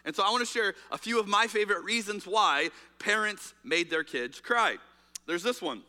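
A man's voice: high-pitched, lively intonation, normal speed, pushed and bright. A man preaching a sermon as pastor, speaking in a candid, conversational way with fillers and restarts. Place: church auditorium. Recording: reverberant hall.

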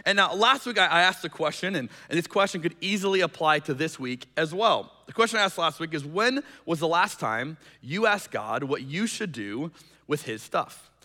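A male pastor preaching with a bright, forceful voice that sits a little high for a man. He tells stories and acts out the people in them. His voice carries a long hall reverb. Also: lively intonation, moderate pace. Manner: storytelling, acts out quoted voices. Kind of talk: sermon with a personal story. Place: church hall.

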